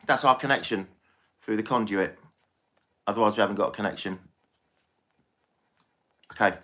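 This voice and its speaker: A man's voice: fairly low pitch, moderate pace, sharp tone. A man giving a live-stream tarot reading, chatty and reassuring, often repeating himself. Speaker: tarot reader.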